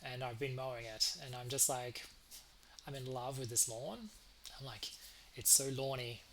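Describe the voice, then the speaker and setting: A man's voice: mid-range voice, normal speed, noisy background. A man casually commenting on a game he plays, rambling and hesitant, with playful asides. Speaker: game developer, let's play host. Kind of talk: casual let's play commentary.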